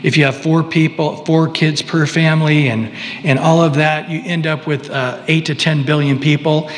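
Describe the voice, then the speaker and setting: A man's voice: fairly high pitch, fairly even intonation, a little hiss or hum. Conversational male preacher, hall reverb. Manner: conversational, halting, with asides. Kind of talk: sermon.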